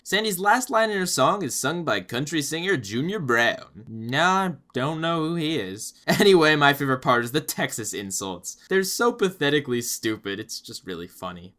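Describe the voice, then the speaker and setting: A man reviewing cartoon episodes in a playful, jokey way, with sudden loud bursts. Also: a little high.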